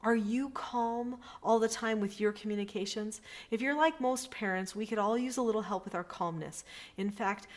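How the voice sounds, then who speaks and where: A middle-aged woman giving an earnest, emphatic parenting lesson straight to camera. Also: mid-range voice. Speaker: parenting educator.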